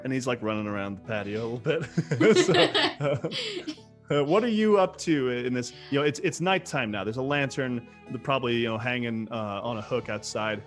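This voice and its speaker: A man narrating a tabletop role-playing game as game master, relaxed and quick to laugh. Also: mid-range voice, faint music behind.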